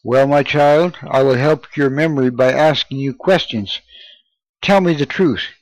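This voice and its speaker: A man's voice: mid-range voice, unhurried, no echo, close to an everyday voice, low-quality recording. A man reading the part of a haughty parish priest who presses a boy with questions. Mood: stern.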